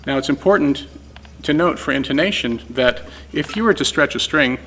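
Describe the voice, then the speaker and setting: A man's voice: mid-range voice, expressive, moderate pace. A man teaching guitar setup in a casual, step-by-step way while demonstrating on an instrument. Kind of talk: informal technical explanation.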